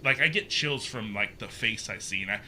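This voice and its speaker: A man guest on a podcast, telling a personal story in a casual, animated way, acting out the voices he quotes and using plenty of fillers. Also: fairly low pitch, fairly quick, a little hiss or hum. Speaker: podcast guest, haunted maze builder.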